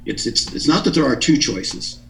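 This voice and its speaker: A man's voice: mid-range voice, expressive, normal speed, vocal fry, fairly bright tone, echoey room, distant mic, poor audio. A man being interviewed, explaining his ideas in an earnest, teaching tone with frequent restarts. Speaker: interview guest. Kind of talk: explanatory radio interview talk.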